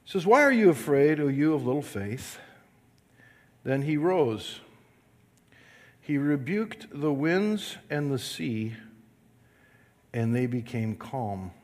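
A man preaching a sermon, slow and emphatic, calling on the congregation to repeat lines after him. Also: mid-range voice, big pitch swings, darkish tone. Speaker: pastor. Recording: long reverb of a large hall.

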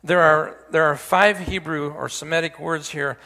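A man's voice: a little high, fairly even intonation, normal speed, creaky, bright, forceful tone, in a large hall. A man preaching a sermon in a folksy way, with joking asides and frequent restarts. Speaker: pastor.

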